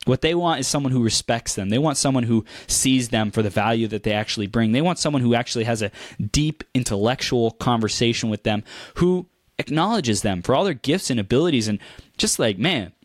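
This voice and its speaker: A man's voice: lively intonation, brisk, dry recording, clean studio sound. Upbeat man giving a pep talk. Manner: upbeat, repeats and restarts words, laughs at his own jokes; acts out quoted reactions in a higher voice. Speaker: motivational speaker. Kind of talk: motivational monologue to camera.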